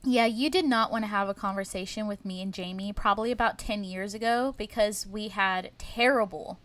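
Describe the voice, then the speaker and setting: A woman's voice: medium pitch, normal speed, a bit bright. Chatty woman with faint Southern lilt. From American South. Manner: chatty, laughs often, trails off with fillers. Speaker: podcast co-host. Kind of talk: casual chat.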